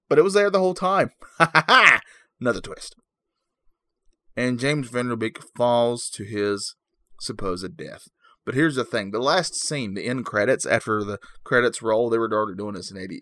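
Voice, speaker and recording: A man giving a mock-serious comedic movie review in a deadpan, rambling, mock-earnest way. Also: on the low side, no room sound, studio quality.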